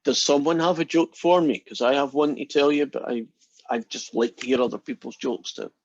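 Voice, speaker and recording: A math lecturer jokes around with his class, chatty and playful, calling students by name. His voice sits in the mid-range and moves fairly quickly. The recording is muffled.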